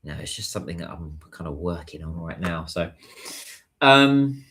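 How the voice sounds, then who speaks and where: A British man hosts a relaxed livestream, reading messages from viewers and answering them as he goes. His voice sits low, but his pitch swings widely and sounds animated. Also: moderate pace. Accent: British English. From United Kingdom. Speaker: livestream host. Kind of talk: casual livestream chat.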